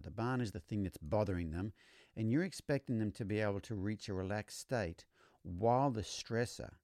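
A man hosting a podcast, explaining horse training in a relaxed storytelling way, often repeating words as he restarts. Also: fairly low pitch, dry recording, clean studio sound. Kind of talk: conversational teaching monologue.

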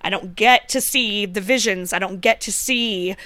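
A woman co-hosting a podcast, blunt and quick to laugh, swearing freely in casual chat. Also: medium pitch, bright, forceful tone, clear, resonant tone, no echo. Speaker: podcast co-host.

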